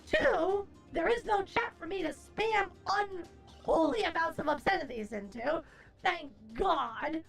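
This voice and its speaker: A woman's voice: extremely high pitch, animated, slow, vocal fry, faint music behind. A woman streamer chatting casually with her viewers, brash and profane, launching into theatrical rants. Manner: theatrical, playful.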